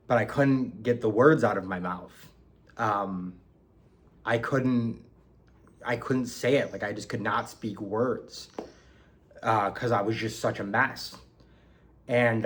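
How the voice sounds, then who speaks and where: A man's voice: mid-range voice, a bit bright. A young man from New York telling a personal story in a casual, hesitant way, with many ums and restarts. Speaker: book reviewer.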